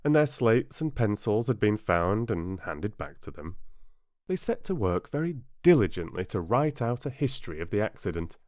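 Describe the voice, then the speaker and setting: A man from Yorkshire with a British accent, narrating an audiobook in an expressive, theatrical storytelling manner. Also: on the low side, moderate pace, dry recording, studio quality. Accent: British English. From Yorkshire, northern England.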